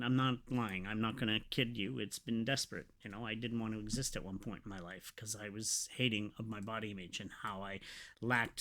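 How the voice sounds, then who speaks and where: Guy hosting a podcast, rambly and emotional, bright kinda forceful voice, lots of ums. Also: medium pitch. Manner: rambling, emotional, halting with fillers. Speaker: podcast host. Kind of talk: casual confessional podcast talk.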